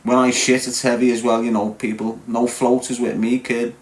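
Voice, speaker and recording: A loud-mouthed man in his forties from Liverpool, speaking with a Scouse accent, mocks his live-stream viewers with crude jokes and plenty of swearing. His pitch is an average middle for a man, barely moving, and he talks at normal speed.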